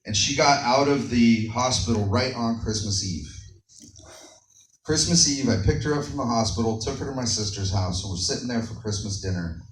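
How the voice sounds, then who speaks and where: A man with a Texan accent doing a stand-up comedy set, telling stories deadpan with sudden shouted bits. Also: medium pitch, normal speed. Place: comedy club stage. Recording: roomy club sound from far off, audience noise.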